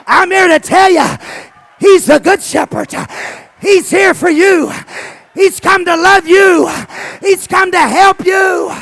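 A male pastor preaching an impassioned sermon that rises into shouting, with a gravelly voice. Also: very high voice, slow pace, a faint crowd.

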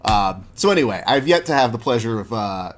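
This young podcast host speaks a little fast in an expressive, medium-pitched voice. His casual interview chat is laid-back and slangy, filled with stories and plenty of "dude."

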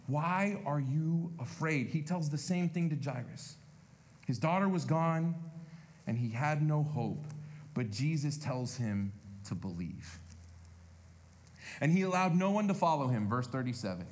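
Male pastor, conversational sermon, fairly high voice, direct and lively. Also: measured pace, pauses often. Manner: conversational, animated, addresses congregation directly.

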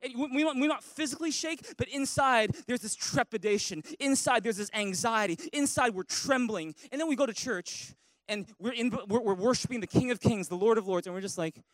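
A man preaching a sermon as a pastor, animated, acting out worried voices and leading the congregation in call-and-response. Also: extremely high pitch, a little fast, no room sound, poor audio. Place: church sanctuary.

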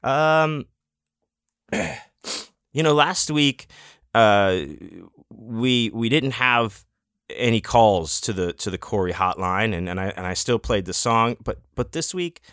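A man hosting his own podcast, chatting in a loose, rambling and playful way. His voice sits a little low and sounds dry and close to the mic. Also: animated, slow pace, a bit bright, clear, resonant tone, dry recording. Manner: rambling and playful, many fillers and restarts. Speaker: podcast host. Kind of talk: casual solo podcast talk.

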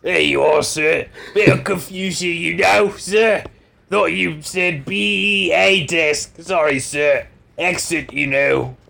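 A man's voice: fairly high pitch, fairly even intonation, slow, creaky, bright, forceful tone, pitched above the performer's own voice, heavily acted. A man voicing an apologetic male airport porter in a put-on British accent, clipped and full of "sir". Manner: clipped, keeps saying sir.

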